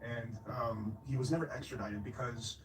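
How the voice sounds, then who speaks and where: A man reading scripted documentary narration in an even, informative way. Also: medium pitch, normal speed, low-quality recording. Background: music.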